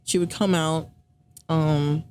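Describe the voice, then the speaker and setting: A woman with a fairly low voice telling a personal story on a podcast in easy, rambling chat. She fills her talk with likes and ums and acts out both sides of the conversations she recalls. A faint hum sits under the recording. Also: fairly even intonation, slow pace, a little mellow. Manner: chatty, many fillers, acts out quoted dialogue.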